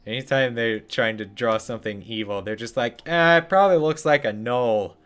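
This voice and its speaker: A young man streaming a game, giving casual commentary full of sarcastic jokes and muttered asides. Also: medium pitch.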